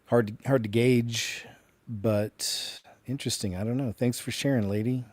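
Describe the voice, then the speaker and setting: A man's voice: mid-range voice, steady tone, unhurried, a little mellow, no room sound. Male host, dry close sound. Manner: short reactions, musing. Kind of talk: casual chat.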